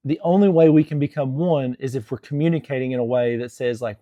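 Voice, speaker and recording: Earnest young man, casual advice talk, mellow warm voice, dry close sound. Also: medium pitch, quick pace, few pauses, no room sound. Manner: earnest, rambling, many restarts and fillers. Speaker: Christian marriage vlogger.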